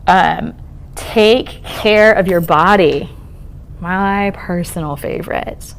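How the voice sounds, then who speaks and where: Woman speaker, therapist type, low voice with some fry, conversational, faint hiss behind. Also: slow pace. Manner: conversational, reassuring, frequent "um" and "okay?" check-ins. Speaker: speaker on trauma and resilience, therapist. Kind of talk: conference talk to an audience. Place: lecture room at a college event.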